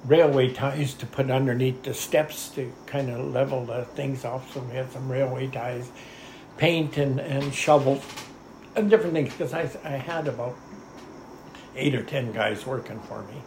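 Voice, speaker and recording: During an oral history interview, an older man with a mid-range, slightly mellow voice tells a long, rambling story at a moderate pace. He keeps saying "anyhow" and chuckles as he goes, in an echoey room with faint ambient noise.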